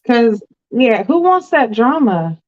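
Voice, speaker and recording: A woman's voice: on the high side, big pitch swings, slow pace, narrow, tinny audio, a crowd in the background. A woman hosting a casual interview, chiming in with short agreeing remarks. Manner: encouraging, brief agreeing interjections. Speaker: interview host.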